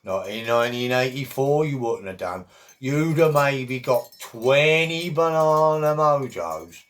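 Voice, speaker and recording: Middle-aged man, rambling jokey vlog talk, animated pitch. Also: unhurried, a little hiss or hum. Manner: chatty, jokey, wandering asides. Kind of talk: rambling casual monologue.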